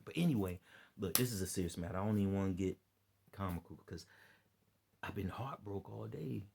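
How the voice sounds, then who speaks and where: Tired, gravelly low-voiced man preaching. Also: fairly quick, long pauses, dark tone, a little hiss or hum. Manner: repeats himself, loose and earnest. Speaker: vlogger giving religious commentary. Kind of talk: rambling preachy monologue to camera.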